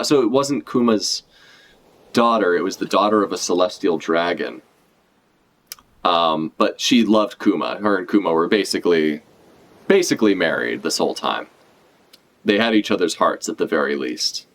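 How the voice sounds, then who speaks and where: Animated, low-voiced man reacting live. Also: moderate pace. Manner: animated, swears casually, talks over the panels. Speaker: streamer reacting to a comic.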